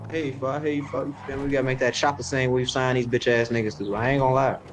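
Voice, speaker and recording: A man's voice: mid-range voice, flat delivery, a little hiss or hum. A man in a game role-play, talking boastfully about money and clothes. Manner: fast boastful street talk, shows off outfits. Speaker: fellow role-play player.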